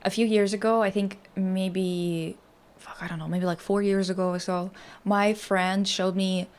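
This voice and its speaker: A woman's voice: mid-range voice, little pitch movement, unhurried, a little mellow. A young adult woman hosting a casual stream chat, reacting bluntly and with lots of swearing as she reads out stories. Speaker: streamer host.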